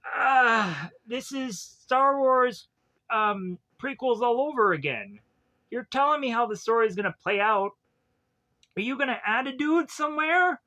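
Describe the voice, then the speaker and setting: Southern guy rambling through a movie review, high bright voice, cracks little jokes. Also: sing-song, normal speed. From Georgia, US. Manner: rambling, jokey asides and silly voices. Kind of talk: casual movie review monologue.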